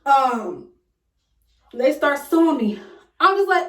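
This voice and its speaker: A young woman vlogger, casually retelling a personal story with dramatic, loud acted quotes. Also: high voice, sing-song, slow, long pauses. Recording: echoey room, voice a bit far from mic.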